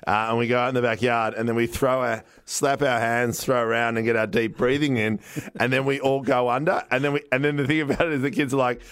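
A man hosting a podcast, chatting in an upbeat way and quick to laugh. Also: medium pitch, steady tone, a bit bright, dry recording, studio quality. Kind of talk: casual chat.

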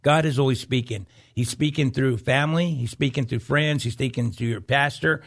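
A man's voice: medium pitch, steady tone, normal speed, gravelly, fairly bright tone. A man co-hosting a Christian talk show, chatting casually and preaching to viewers, with many restarts and "you know"s.

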